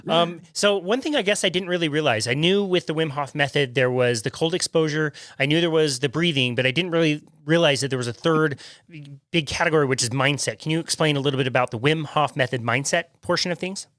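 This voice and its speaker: A man's voice: a little high, quick pace, a bit bright, no room sound, studio quality. A man hosting a podcast interview, asking friendly, curious questions in a casual way. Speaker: podcast host.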